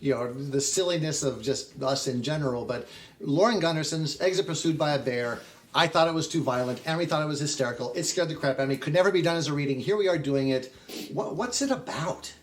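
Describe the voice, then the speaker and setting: A man's voice: fairly high pitch, quick pace. A man hosting a podcast, asking his guests questions in a chatty, joking way. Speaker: podcast host. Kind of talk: casual podcast chat.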